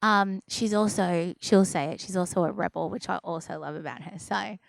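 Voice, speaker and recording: A young adult woman telling a personal story to an audience in a lively, expressive way. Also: creaky, no echo. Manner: lively, acts out others' voices in a higher pitch; quieter and slower when describing the deep experience. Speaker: speaker sharing a personal story.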